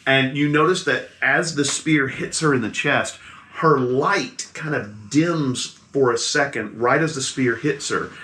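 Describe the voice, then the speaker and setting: A man's voice: medium pitch, unhurried, pushed and bright. A man narrating as game master of a tabletop game, describing the action vividly and adding sound effects. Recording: echoey room.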